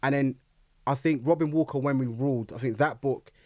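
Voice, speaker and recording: A young man, a guest in a casual interview, telling his story in an animated way and acting out his own reactions. His voice is recorded dry and close. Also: medium pitch, brisk, no echo.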